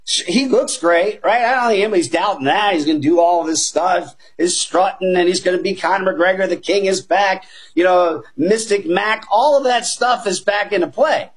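A high-pitched, husky man talks through his fight picks with punchy enthusiasm. He keeps turning to his panel and leans hard on his favorite points. His delivery has the drive of a seasoned betting analyst on a sports show. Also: moderate pace. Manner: energetic, emphatic, keeps addressing the panel as guys. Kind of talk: animated betting talk show chat.

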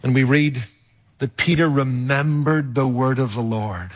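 A man preaching a sermon in an emphatic, rhetorical way, with dramatic pauses and sudden jumps in loudness. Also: medium pitch.

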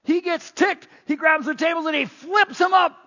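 Speaking at a normal speed in a very high-pitched voice, a preacher tells sermon stories with lots of animation, acting out the scenes and frequently stumbling into repeated-word restarts. It sounds muffled, with a long reverb like a big hall.

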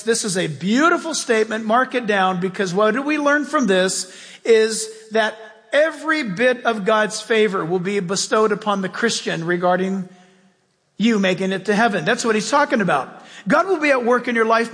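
Preaching a sermon from the pulpit, a pastor speaks in a strikingly high, fairly bright voice at normal speed. His delivery is emphatic and conversational, sprinkled with folksy asides, and each phrase trails off into the long reverb of a large church hall.

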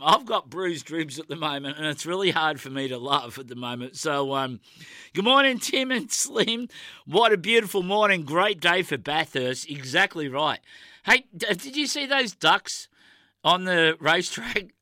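A middle-aged Australian man hosts a radio show, his voice slightly high and sharp-toned with no echo. He chats casually in a rambling, heartfelt way, using lots of fillers.

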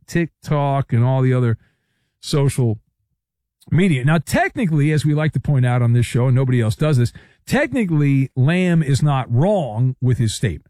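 A man's voice: mid-range voice, warm tone, no room sound, studio quality. A man hosting a sports talk show, delivering a sarcastic monologue full of playful riffs and asides. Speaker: sports talk radio host.

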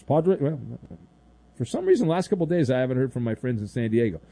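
A male sports radio host bantering playfully with callers and reading news in a lively way. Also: medium pitch, brisk, no echo. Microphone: studio microphone.

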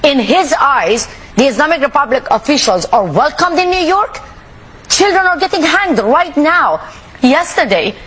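High-voiced, forceful woman from Iran. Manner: forceful, indignant, emphatic. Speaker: activist guest. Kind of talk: interview.

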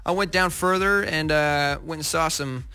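A man's voice: on the high side, normal speed, bright, forceful tone, clear, resonant tone. A young American man from near Seattle, chatting as a guest in a radio interview, upbeat and a bit rambling. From United States, near Seattle. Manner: upbeat, rambling, lots of ums. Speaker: guest musician. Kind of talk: casual interview chat.

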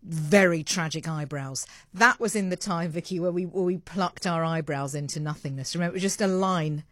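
A woman's voice: fairly low pitch, fairly quick, no room sound. A middle-aged British woman hosting a breakfast radio show, chatty and self-deprecating, laughing and restarting often. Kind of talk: casual chat interview. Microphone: studio mic.

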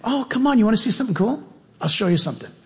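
A man's voice: high-pitched, lively intonation, rapid-fire, gravelly, voice pushed up. A man voicing a scheming male lion uncle with a wheedling, mock-innocent manner. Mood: coaxing. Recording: long reverb, faint music.

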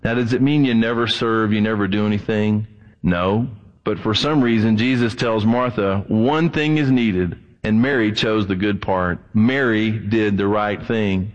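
A male pastor preaching a sermon, swinging his voice high and low and acting out the people he quotes. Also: fairly even intonation, normal speed, in a large hall, dull audio.

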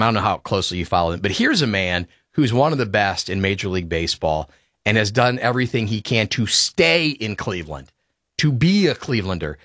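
An emphatic man runs a sports talk show, opinionated and quick to get worked up. His voice sits in the middle range. The sound is close and dry. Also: medium pitch, fairly bright tone, dry recording. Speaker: radio sports talk host.

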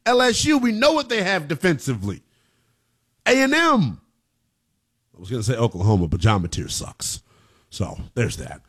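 A man hosting a sports talk radio show, emphatic and slangy, with an excitable delivery. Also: a little high, normal speed, long pauses, breathy edge.

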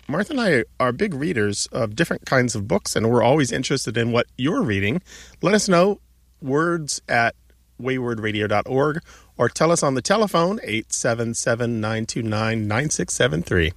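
A man's voice: mid-range voice, lively intonation, normal speed, dry recording. Male radio co-host, patient explainer, dry close mic. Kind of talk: casual explanatory radio chat. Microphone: studio microphone.

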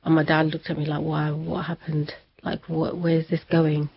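Woman telling her story, laughs a lot, kinda low voice, muffled lo-fi sound. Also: monotone, moderate pace, gravelly, breathy edge. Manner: chatty, laughs often, acts out quoted voices. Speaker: interview guest. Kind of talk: personal storytelling in conversation. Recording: dull lo-fi sound.

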